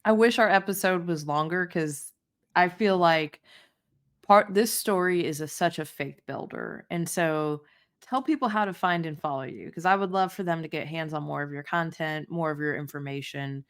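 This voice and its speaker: A woman's voice: low voice, normal speed. A woman hosting a podcast, encouraging her guest with short affirmations and wrapping up the episode. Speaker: podcast host. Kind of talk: interview hosting.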